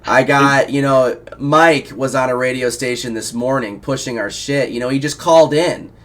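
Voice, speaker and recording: A man's voice: medium pitch, moderate pace. Rambling, swearing male show host. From Iowa. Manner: rambling, excitable, swears a lot. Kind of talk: casual profane chat.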